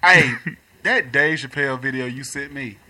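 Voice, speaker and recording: A man hosting a casual chat show and taking callers, slangy and quick to laugh. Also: mid-range voice, bright, forceful tone.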